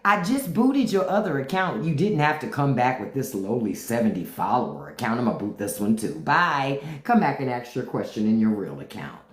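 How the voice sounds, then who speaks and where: Rumbling low and very animated, this woman talks a little fast with hardly any pauses. Hosting a livestream of unfiltered commentary, she speaks AAVE, stays blunt and taunting, and keeps re-asking commenters her question over an echoey, roomy mic.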